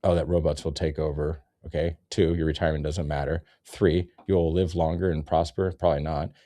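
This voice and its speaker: Guy doing a rambly sarcastic comedy rant, low mellow voice, dry close sound. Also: flat delivery, brisk, no room sound. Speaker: comedy commentator. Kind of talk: ranting comedy commentary.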